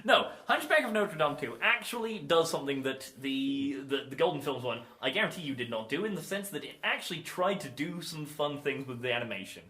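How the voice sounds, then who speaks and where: Young man, casual podcast chat, lively swooping pitch, rambling restarts. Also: brisk, few pauses. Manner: animated, rambling with restarts and asides. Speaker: podcast co-host. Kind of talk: casual film review chat.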